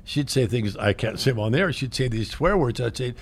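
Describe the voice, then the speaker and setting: A man's voice: mid-range voice, expressive, moderate pace, husky. An older man, a guest actor on a radio talk show, telling stories casually, often repeating words and laughing at his own jokes. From Greek heritage. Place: radio studio.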